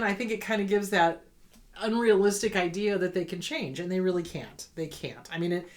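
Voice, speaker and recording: A woman therapist hosting an advice show, talking through viewer letters in an earnest, conversational way and repeating words for emphasis. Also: medium pitch. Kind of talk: casual advice talk answering viewer letters.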